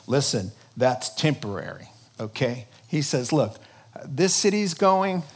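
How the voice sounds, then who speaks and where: A pastor giving an impassioned sermon, jumping between loud bursts and hushed lines and acting out quotes. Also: male voice, on the high side.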